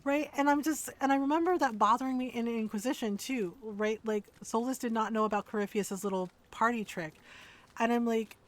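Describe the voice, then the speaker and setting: High-voiced chatty woman streamer. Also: fairly quick. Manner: chatty, animated, laughs often, ranting asides. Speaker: gaming streamer. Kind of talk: casual chat while streaming a game.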